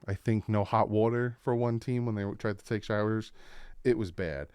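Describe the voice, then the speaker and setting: Smooth-voiced man recapping football, animated. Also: lowish voice, normal speed, no echo, studio quality. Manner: animated storytelling, acts out quotes. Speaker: sports reaction host. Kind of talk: casual sports reaction commentary.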